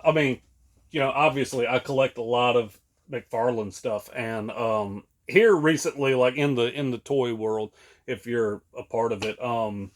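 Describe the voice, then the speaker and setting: A man's voice: medium pitch, measured pace. A man, co-hosting a podcast in casual chat, rambling with many fillers and laughing often. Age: late 30s. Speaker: podcast co-host.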